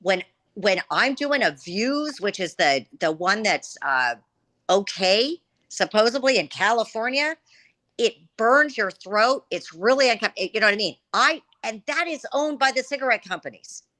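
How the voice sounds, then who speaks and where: Emphatic ranting woman, bright voice. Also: fairly high pitch, animated, normal speed. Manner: emphatic, ranting, frequent "okay?" tags. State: rough, catching throat. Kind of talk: heated casual discussion.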